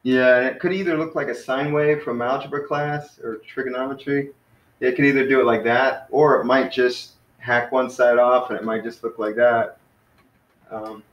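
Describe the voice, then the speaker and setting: A man's voice: mid-range voice, roomy sound, dull audio. A man teaching a beginner online language class, rambling with lots of fillers and self-corrections.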